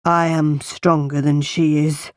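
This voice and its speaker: A woman reading a firm, calm gentleman. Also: deep voice, slow, dry recording, clean studio sound, pitched below the performer's own voice. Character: brooding gentleman of the house, man, middle-aged.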